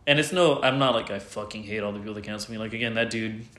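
A man's voice: on the low side, quick pace, a bit bright. A man speaking candidly as an interview guest, rambling with lots of fillers and some swearing. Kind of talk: candid casual conversation. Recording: roomy echo.

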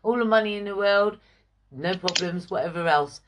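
A woman's voice: medium pitch, moderate pace, background noise. A woman giving forthright, emphatic opinions in a casual group discussion. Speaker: guest.

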